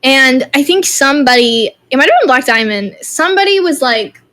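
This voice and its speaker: A woman talking casually as an interview guest, her voice sitting a little high. She gropes for words with lots of fillers and breaks into small giggles as she tells her story. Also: expressive, normal speed, fairly bright tone. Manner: hesitant, many fillers and giggles. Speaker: music streamer guest.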